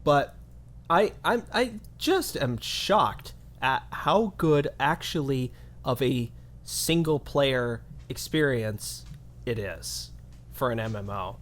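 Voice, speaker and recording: A man's voice: medium pitch, lively intonation, slow, fairly bright tone. A man co-hosting a gaming podcast, chatting casually and animatedly. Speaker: podcast co-host.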